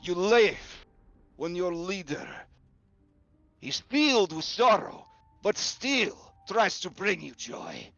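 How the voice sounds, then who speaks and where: A man voicing a grief-maddened, cruel male baron who rants at his subjects in booming, theatrical speeches. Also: very animated, slow, creaky, sharp tone, dry recording, faint music behind, full character voice. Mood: wrathful. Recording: dull lo-fi audio.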